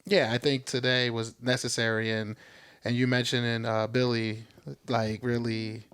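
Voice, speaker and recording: A man hosting a podcast, asking a question haltingly with many restarts. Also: medium pitch, flat delivery, fairly bright tone, clean tone. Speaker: podcast host. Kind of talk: casual interview talk.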